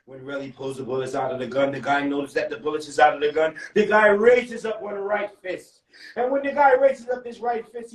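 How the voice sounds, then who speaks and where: A man telling a comic street story, animated and repetitive with dramatic outbursts. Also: very high-pitched. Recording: roomy echo.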